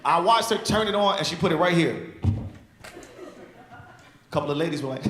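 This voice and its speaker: A man's voice: fairly high pitch, normal speed. A man in his thirties doing a stand-up set, telling profane stories with lots of energy. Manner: profane, animated storytelling. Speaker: stand-up comedian. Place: comedy club stage. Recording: echoey club with loud crowd noise.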